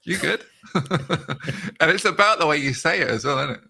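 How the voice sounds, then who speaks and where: Gravelly, bright British man chatting. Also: on the high side, normal speed. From Britain. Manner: laughing, animated, swearing casually. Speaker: host. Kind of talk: casual chat.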